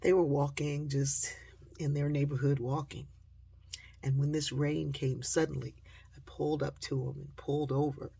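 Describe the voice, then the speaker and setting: Gravelly-voiced woman storyteller with a deeply husky tone, speaking straight to the audience and giving the people in her story their own voices. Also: normal speed. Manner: lively storyteller who acts out quoted voices.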